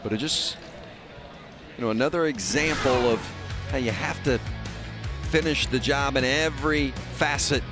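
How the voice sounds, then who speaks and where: A man commentating on a race broadcast, calmly wrapping up the finish and handing off to victory lane. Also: medium pitch, normal speed, over music. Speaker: race play-by-play announcer.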